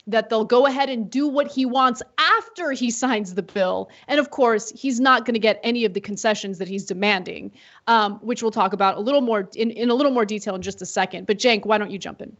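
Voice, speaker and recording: Measured woman co-hosting political commentary. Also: fairly high pitch, highs cut off. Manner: measured, explanatory, many fillers.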